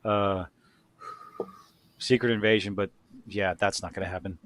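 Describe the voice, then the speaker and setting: A man's voice: on the low side, steady tone, normal speed, fairly bright tone. A man co-hosting a casual podcast chat, crude and ranting, laughing easily. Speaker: podcast co-host.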